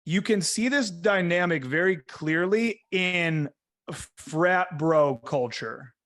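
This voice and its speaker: A man's voice: a little high, slow, a bit bright. A young adult man hosting a casual podcast, talking bluntly and emphatically with lots of swearing. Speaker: host.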